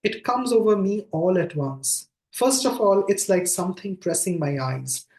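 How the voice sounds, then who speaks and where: A man reading aloud the quoted lines of an anxious eighteen-year-old woman, in a plain voice pitched slightly higher than his own. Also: lively intonation, measured pace, darkish tone. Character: anxious young woman, eighteen, breathless with nerves. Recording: echoey room sound.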